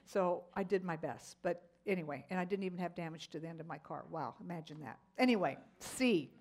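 A middle-aged woman teaching a Bible lesson, telling stories in an animated way with frequent exclamations. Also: lowish voice, fairly quick.

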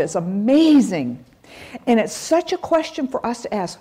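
A woman's voice: medium pitch, big pitch swings, moderate pace, warm tone, slightly rough. A middle-aged woman teaching a Bible study, reading scripture aloud with dramatic emphasis on the quoted lines.

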